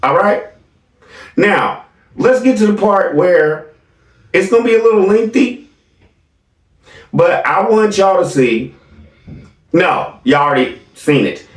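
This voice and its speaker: A man's voice: high voice, expressive, slow pace, long pauses, echoey room, far from the mic. A man giving sarcastic reaction commentary on video clips, questioning his viewers.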